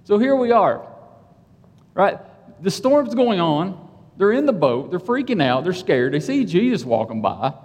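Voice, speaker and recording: A man delivering a sermon in a chatty, self-deprecating way. His slightly high voice moves up and down a lot. The voice rings out with the long reverb of a hall. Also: unhurried. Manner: conversational, self-deprecating, animated storytelling. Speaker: preacher.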